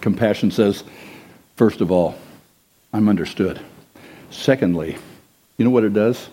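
A man preaching a sermon as pastor, conversational and animated, asking his listeners questions and dropping to hushed asides. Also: lowish voice, unhurried, breathy edge. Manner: animated, swings between loud and hushed; conversational, asks the congregation questions.

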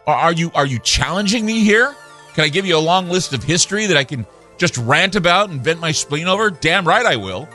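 A man's voice: fairly high pitch, lively intonation, fairly quick, bright, forceful tone, soft background music. A man hosting a talk radio show, ranting emphatically and repeating his points.

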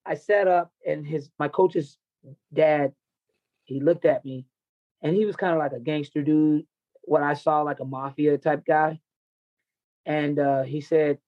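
A man's voice: a little high, fairly even intonation, normal speed, dry recording, highs cut off. A man who coaches wrestling tells a raw personal story in an interview, intense, confessional and full of swearing.

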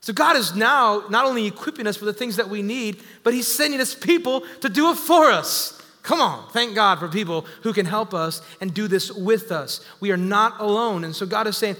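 High bright preacher guy, fired up and calling out to the church, big echoey hall. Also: normal speed, hardly any pauses. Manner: energetic, calls out to the congregation. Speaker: pastor. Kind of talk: sermon. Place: church sanctuary.

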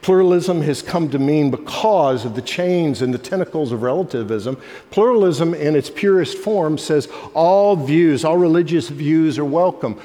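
A man's voice: a little high, lively intonation, moderate pace. Man preaching in a reverberant hall. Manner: dynamic, swings from loud emphatic to hushed. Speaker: pastor. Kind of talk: sermon. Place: church sanctuary. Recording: long reverb of a large hall.

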